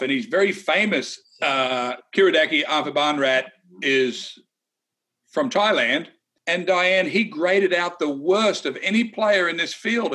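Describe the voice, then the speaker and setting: A man's voice: fairly high pitch, pushed and bright, husky. A man who is a former tour golfer co-hosting a golf analysis chat, blunt and emphatic with some teasing.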